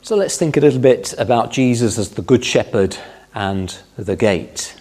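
A man preaching a Bible-teaching sermon in a calm, explanatory way, stressing key phrases. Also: mid-range voice, moderate pace.

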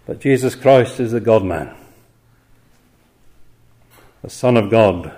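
A man preaching an evening sermon, earnest and emphatic, posing rhetorical questions and slowing down to quote scripture. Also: lowish voice, lively intonation, warm tone.

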